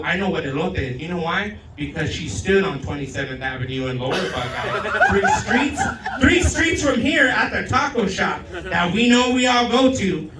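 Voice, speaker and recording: A male comedian doing a crude, rowdy stand-up set, slipping into Spanish and loud put-on voices. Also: sits high. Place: outdoor backyard show. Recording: roomy sound from a distant mic.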